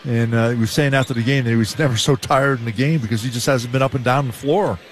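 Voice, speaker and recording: A Canadian former player, now a male color commentator, who breaks down basketball plays in a relaxed, explanatory way. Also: mid-range voice, quick pace. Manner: relaxed, explanatory, with frequent "uh" and restarts.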